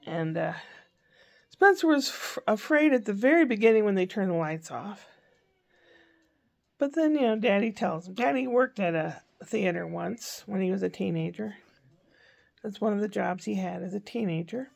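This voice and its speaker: An older woman talks through her day in a loose, rambling way, stopping to fix her words as she goes. Her voice has a gravelly, creaky edge at a middle pitch, and she sounds relaxed and homey, like a personal video diary. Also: moderate pace. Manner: rambling, chatty, self-correcting. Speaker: vlogger. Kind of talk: casual diary-style chat.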